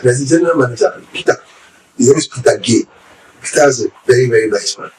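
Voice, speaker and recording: A middle-aged Nigerian man with a Nigerian accent, telling his life story as an interview guest, animated and acting out the voices of people he quotes. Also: mid-range voice, quick pace, distant mic, rough recording. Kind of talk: casual storytelling.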